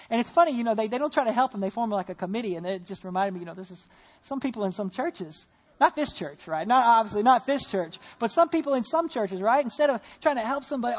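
This fast-talking pastor preaches a sermon in church and builds a story around lively rhetorical questions. When he turns to prayer, he softens and lowers his tone.

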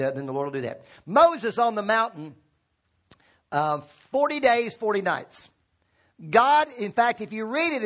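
A man preaching a sermon as pastor, talking informally and asking the congregation to repeat words after him. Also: fairly high pitch. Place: church sanctuary.

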